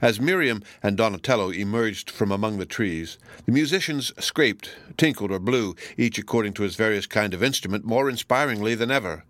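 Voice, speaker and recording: Male narrator for a classic novel: low, measured, dry and close. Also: no echo. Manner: measured, even reading. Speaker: audiobook narrator. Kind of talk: scripted narration.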